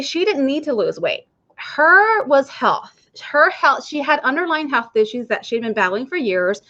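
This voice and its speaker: A woman's voice: on the high side, sharp tone, muffled recording. A woman working as a nurse and health coach, talking casually and chatting straight to her viewers. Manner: chatty, addresses viewers directly. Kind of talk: casual online coaching talk.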